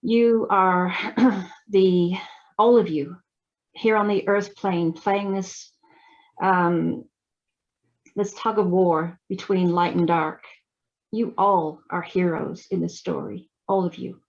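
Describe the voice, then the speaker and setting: Father God, slow and gentle, channeled by a woman. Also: on the low side, steady tone, creaky, dull audio. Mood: tender, reassuring. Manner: slow, halting, gentle blessing. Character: Father God, loving divine father spirit. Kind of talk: trance channeling.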